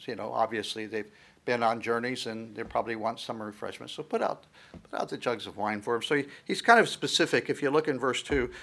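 A man preaching a sermon, retelling a scripture story with lively asides and reading verses aloud with rising emphasis. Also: medium pitch, fast, vocal fry. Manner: frequent fillers and asides.

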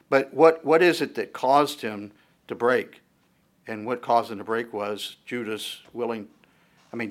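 A man preaching a sermon, reading verses aloud and explaining them in a conversational, searching way, his voice rising on the quoted lines. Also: mid-range voice. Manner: reads verses aloud then comments in a conversational tone, with restarts.

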